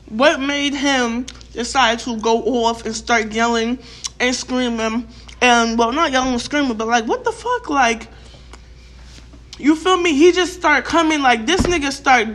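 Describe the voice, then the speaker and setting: High-voiced animated woman ranting. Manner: animated, profane, heavy filler words, re-enacts quotes. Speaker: vlogger. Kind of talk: casual storytime rant.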